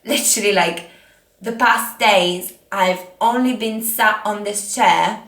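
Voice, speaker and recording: Slow, chatty young Italian-accented woman. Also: mid-range voice, fairly bright tone. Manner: chatty, self-mocking, rambling asides. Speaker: fitness vlogger. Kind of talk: casual advice chat. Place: home, seated on a chair. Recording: echoey room.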